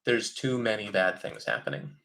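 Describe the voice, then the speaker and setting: A man's voice: on the low side, very animated, moderate pace, creaky, fairly bright tone. A man hosting a live question-and-answer stream, talking casually and with strong opinions, often mocking other people in quotes. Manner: opinionated, mocking voices in quotes, frequent fillers. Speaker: livestream host answering chat questions.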